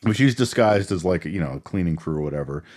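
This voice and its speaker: A man co-hosting a casual movie podcast, rambling through the plot with laughs and quick character impressions. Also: deep voice, animated, darkish tone. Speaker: podcast co-host. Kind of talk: casual movie recap chat.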